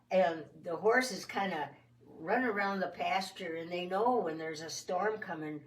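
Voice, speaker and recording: A woman telling a children's story in a folksy, expressive first-person way. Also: on the low side, unhurried, far from the mic. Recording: roomy sound from off the mic.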